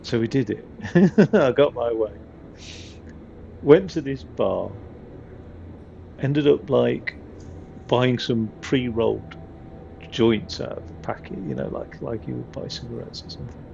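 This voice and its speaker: Casting: very gravelly man at a middle pitch, loose rambling game-stream chatter, muffled lo-fi sound with audible background noise. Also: measured pace, long pauses, darkish tone. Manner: rambling, swears, chuckles at own stories. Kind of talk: casual gameplay commentary.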